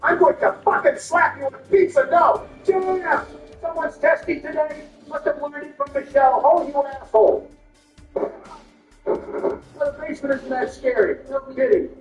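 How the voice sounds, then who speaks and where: A man's voice: very high-pitched, moderate pace. A man doing comedic game commentary, trading crude insults in bickering impressions. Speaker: gameplay commentator. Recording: roomy, distant, muffled, with music.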